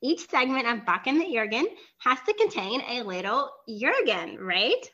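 A woman's voice: on the high side, very animated, moderate pace, sharp tone, lo-fi sound. A woman co-hosting a baking podcast, chatting casually with lots of "like" fillers and frequent laughs. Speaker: podcast co-host. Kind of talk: casual chat about baking.

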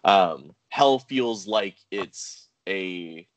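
A man's voice: low voice, expressive, very slow, a crowd in the background. A man co-hosting a casual game review podcast, rambling with lots of "like" and "um". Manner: rambling, full of "like" and "um". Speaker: podcast co-host.

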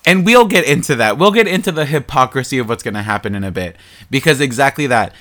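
A man in casual chat, recapping a movie plot in an animated, profane way and mocking the characters. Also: mid-range voice, fast talker. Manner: animated, profane storytelling with mocking quoted voices. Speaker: podcast co-host.

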